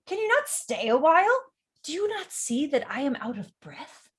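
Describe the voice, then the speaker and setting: A woman voicing a teasing old nurse who loudly complains about her aches and breath. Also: high-pitched, sing-song, moderate pace, pitched above the performer's own voice. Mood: whiny, complaining.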